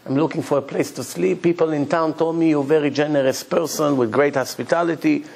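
A man voicing a wise old rabbi who reasons earnestly and calmly. His voice sits a little high, with a gravelly edge. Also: a little fast. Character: wise medieval rabbi, a calm, doubting man.

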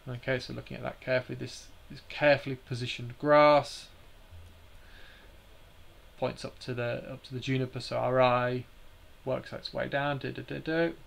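A man's voice: medium pitch, level tone, moderate pace, creaky, fairly bright tone. A man hosting a live stream, explaining slides in a hesitant way with many fillers and restarts.

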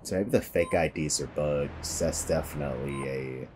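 Very deep-voiced man joking over gameplay. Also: moderate pace, a little mellow, a little hiss or hum. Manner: joking, wry running commentary. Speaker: gameplay commentator. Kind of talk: casual game commentary.

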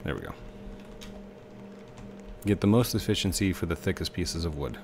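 Deep-voiced man rambling over gameplay. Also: sing-song, normal speed, background noise. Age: 30s. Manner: rambling, chatty, talks to the game objects. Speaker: let's play host. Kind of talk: casual gameplay commentary.

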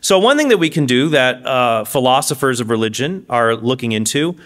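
A man giving a lively lecture at a conference, with quick asides and self-corrections. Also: mid-range voice. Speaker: speaker giving a conference talk. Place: conference stage before an audience.

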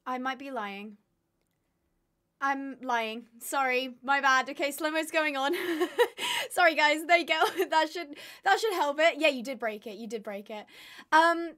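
A woman's voice: sits high, lively intonation, unhurried, pushed and bright. A young woman live-streaming, chatting casually with her viewers, tired and with her voice giving out. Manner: chatty, rambling, laughs often. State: tired, voice going.

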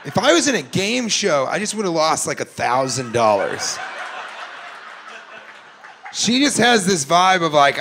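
A bright, gravelly male comic working the room from a club stage, loud and profane as he roasts the crowd and puts on mocking voices. A faint hum of the room sits under his mic. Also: fairly high pitch, sing-song, a little slow, long pauses. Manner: brash, profane, teasing audience members; slips into mocking voices of audience members. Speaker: stand-up comedian. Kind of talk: crowd work stand-up. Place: comedy club stage before a live audience.

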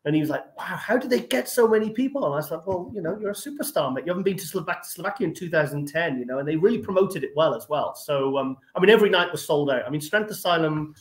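A man's voice: fairly high pitch, animated, reverberant. A man telling tour stories in a casual chat, rambling with many restarts. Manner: rapid, rambling, lots of "I mean" restarts. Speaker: guest, tour organizer.

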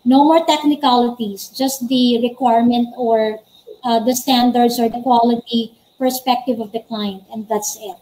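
Higher-pitched woman explaining. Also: steady tone, moderate pace, mellow, poor audio. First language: Filipino. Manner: practical, explaining step by step. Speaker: guest, former call center agent. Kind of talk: interview answers on a live stream.

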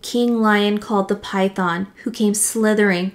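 A woman teacher reading a picture book aloud to children, animated and doing voices for the animals. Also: mid-range voice, normal speed. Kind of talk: storybook read-aloud for children.

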